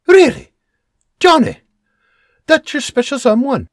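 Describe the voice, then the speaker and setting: Guy doing a high-voiced sassy young woman, teasing, husky. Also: huge pitch swings, normal speed, darkish tone, no room sound, clean studio sound, heavily acted. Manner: teasing, sarcastic. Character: young woman, teasing, sharp-tongued daughter.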